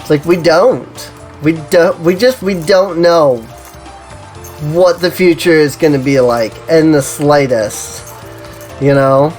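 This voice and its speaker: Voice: mid-range voice, slow, darkish tone, soft background music. A streamer chatting casually while playing an online game, rambling and saying "you know" and "like" constantly.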